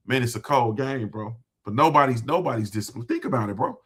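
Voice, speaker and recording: A man's voice: mid-range voice, quick pace, few pauses, a bit bright, husky. A man hosting a motivational talk for his viewers, speaking in a conversational, emphatic way, repeating phrases for emphasis. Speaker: host.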